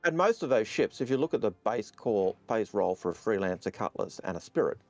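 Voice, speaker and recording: A man's voice: lowish voice, big pitch swings, fairly quick, no echo, soft background music. A man co-hosting a casual Q&A, reading out viewer questions and chatting, often repeating words as he starts his sentences. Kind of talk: casual Q&A chat.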